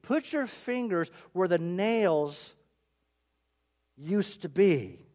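Jesus, a preacher voicing a gentle, patient teacher. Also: male voice, high-pitched, expressive, extremely slow, full character voice. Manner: soft, coaxing invitation. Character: gentle risen teacher, calm, patient man.

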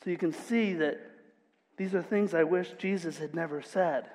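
A male pastor delivering a sermon in a lively storytelling manner. He moves from casual asides to emphatic points. His fairly high voice rings out with a long reverb in a church hall. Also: moderate pace.

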